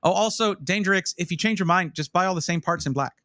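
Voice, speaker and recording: A man's voice: high-pitched, quick pace, no echo, studio quality, faint music behind. A man chatting casually on a live stream, reviewing gaming PC parts and rambling as he answers his chat. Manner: animated, rambling, talks to chat.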